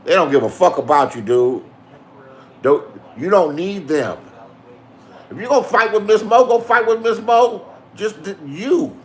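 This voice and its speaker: A YouTube drama streamer delivers a heated, profane rant, confronting absent rivals directly and dealing in online drama. His voice is high, with lively intonation and a measured pace.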